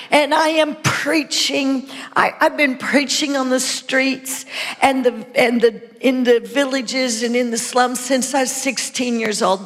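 A woman preacher giving a dramatic sermon testimony, stammering through restarts and dropping into whispers. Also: fairly high pitch. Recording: long hall reverb.

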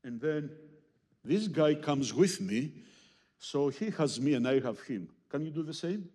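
Male preacher, high lively voice, slow delivery, long hall echo. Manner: animated, teasing, with audience demonstrations. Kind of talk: sermon with Greek word study.

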